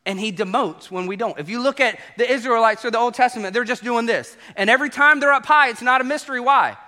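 High, bright, animated preaching man. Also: fast. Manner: animated preaching, acts out quoted voices, addresses congregation. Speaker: pastor. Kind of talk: sermon.

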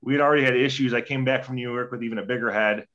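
A man's voice: mid-range voice, very fast. A man telling rowdy stories in casual chat as a guest, swearing freely and acting out quotes. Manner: profane, animated storytelling with acted-out quotes. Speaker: guest, former hockey player. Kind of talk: casual storytelling. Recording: dull lo-fi audio.

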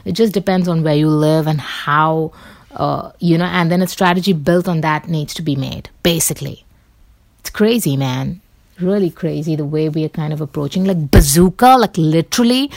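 A woman's voice: on the low side, gravelly, no room sound, studio quality. A woman talking loosely to camera in a rambling, chatty way, full of fillers and the odd swear word. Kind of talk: casual rambling monologue.

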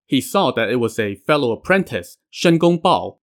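A man's voice: medium pitch, sing-song, moderate pace, few pauses, a bit bright. Man telling a story with casual asides. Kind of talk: storytelling narration.

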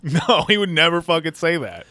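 A man's voice: fairly high pitch, big pitch swings, normal speed, sharp tone. A man co-hosting a casual podcast chat, stammering through restarts and joking sarcastically. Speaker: podcast co-host.

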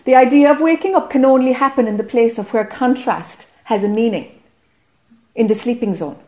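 A woman's voice: a little high, normal speed, a little mellow. A woman with an Irish accent giving a spiritual teaching talk to a group, earnest and often checking whether listeners follow.

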